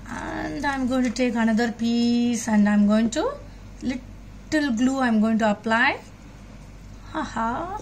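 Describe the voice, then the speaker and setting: Slow, patient woman teaching kids crafts. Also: on the high side, animated, a little hiss or hum. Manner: slow, patient, addresses children with questions. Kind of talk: children's craft demonstration.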